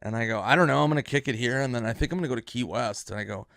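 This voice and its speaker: A comedian telling a relaxed, casual story and acting out the voices of the people he quotes. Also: medium pitch, very fast, gravelly, dry recording, studio quality. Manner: laid-back, acts out quoted voices. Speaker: comedian guest.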